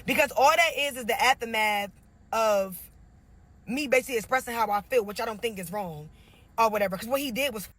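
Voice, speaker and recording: A woman's voice: on the high side, fairly quick, a bit bright. A woman telling her side of a dating story in a casual, indignant rant, reading messages aloud.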